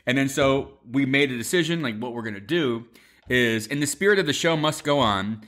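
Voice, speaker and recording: A man telling a lively story to his mother over a video call, swearing freely and acting out quotes. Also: medium pitch, brisk. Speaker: son, former Broadway performer.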